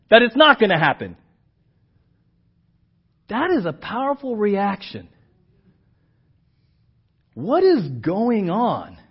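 A male pastor delivers a sermon in an unhurried, deliberate voice that sits a bit high for a man. He plays out the scripture scenes with sudden leaps in pitch and volume and keeps checking in with the room. The recording sounds muffled and lo-fi. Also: breathy edge. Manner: animated, acts out quoted lines with big swings in pitch and volume; asks the congregation questions and often checks in with "right?". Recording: dull lo-fi church audio.

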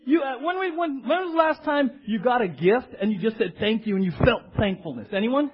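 A man preaching with a high, swooping voice that leaps between hushed lows and excited peaks. His tone is a little husky, and he keeps calling out questions to the congregation. The recording sounds dull and lo-fi. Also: fairly quick, few pauses. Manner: animated, emphatic, calls out to the congregation. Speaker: pastor. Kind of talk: sermon.

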